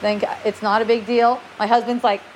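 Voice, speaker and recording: A woman in her forties telling personal stories in a chatty, animated way, acting out quoted lines and laughing often. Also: on the high side, normal speed, slight background noise, poor audio. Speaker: speaker sharing spiritual experiences. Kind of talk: personal storytelling talk.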